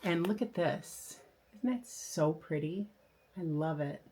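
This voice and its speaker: A woman's voice: low voice, expressive, slow pace, warm tone. An older woman hosting a craft video, chatting casually and enthusiastically about her new patterns, with frequent fillers and restarts. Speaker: flosstube host. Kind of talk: casual show-and-tell chat.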